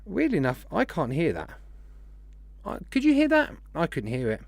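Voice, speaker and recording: A man's voice: a little high, wildly swooping pitch, moderate pace, vocal fry, no room sound. A man hosting a live stream, chatting casually and rambling as he greets viewers one by one.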